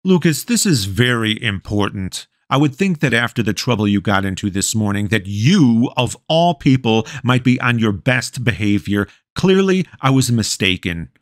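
A man voicing an intense, exasperated history teacher in an audiobook, sharp and impatient. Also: mid-range voice, lively intonation, normal speed, dry recording, studio quality, lightly acted. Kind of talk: audiobook character voice.

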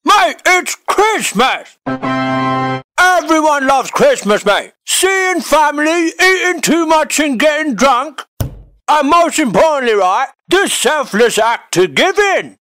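Jesus: a man doing a shrill, shouty lad. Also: sing-song, slow, soft background music, heavily acted. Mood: indignant rant. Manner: shouty, crude, mocking. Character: brash crude laddish Jesus, indignant adult man. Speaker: comedy YouTuber. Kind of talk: comedic rant sketch.

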